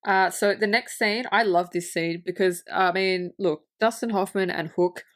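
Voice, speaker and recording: A woman co-hosting a casual movie podcast, retelling scenes with lively acted-out lines, laughter and swearing. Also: mid-range voice, normal speed. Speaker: podcast co-host. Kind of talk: casual film review chat.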